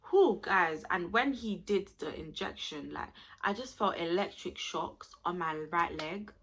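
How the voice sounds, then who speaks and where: Gravelly, bright-voiced young woman. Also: lowish voice, measured pace. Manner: chatty, expressive, addresses viewers directly. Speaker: vlogger. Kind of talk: casual storytelling to camera.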